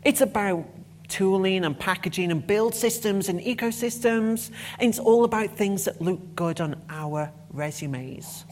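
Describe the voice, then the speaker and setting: A woman delivers a conference talk with passion and emphasis, swearing bluntly when something annoys her. Her voice sits at a medium pitch with a darkish tone, and she speaks a little slowly. There's slight background noise.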